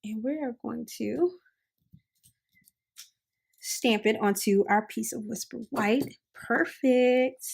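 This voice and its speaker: A woman's voice: mid-range voice, slight background noise. A woman hosting a crafting tutorial, chatting upbeat and casual while she works with her hands. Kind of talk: casual how-to demonstration.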